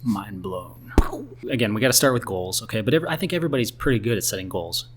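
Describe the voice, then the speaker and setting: Fast-talking chatty male podcast host. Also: mid-range voice, noisy background. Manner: energetic, chatty, lots of fillers. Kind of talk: casual podcast chat.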